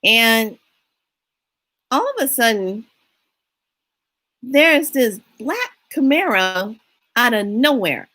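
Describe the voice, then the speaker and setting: Middle-aged woman, slow casual storyteller, lively quoted lines. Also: a little high. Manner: unhurried, animated retelling with acted-out quotes. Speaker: spiritual reader and vlogger.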